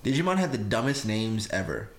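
Animated joking man in an echoey room. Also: fairly low pitch, brisk. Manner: animated, joking, crude, breaks into laughter. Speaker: podcast co-host. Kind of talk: casual late-night podcast banter.

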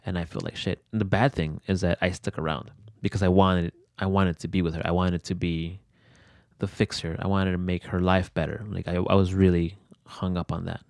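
Young man, very deep voice, rambling, lots of fillers, swears casually, interview story, dry close sound. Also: flat delivery, brisk, vocal fry, darkish tone, dry recording. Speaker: interviewee telling a personal story. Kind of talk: candid conversational storytelling.

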